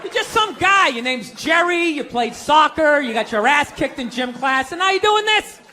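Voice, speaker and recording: A man doing a stand-up comedy routine, ranting loudly and slipping into put-on voices. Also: very high-pitched, normal speed, noisy background. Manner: loud, ranting, animated delivery with put-on voices. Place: comedy club stage. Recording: live stage mic with crowd laughter. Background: audience laughter.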